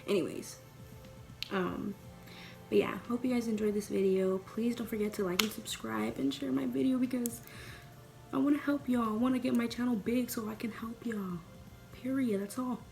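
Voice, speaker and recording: A woman's voice: on the high side, steady tone, normal speed, creaky, over music. A young woman vlogging at home, chatting casually and rambling with lots of cursing while doing her makeup. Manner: chatty, profane, rambling and playful.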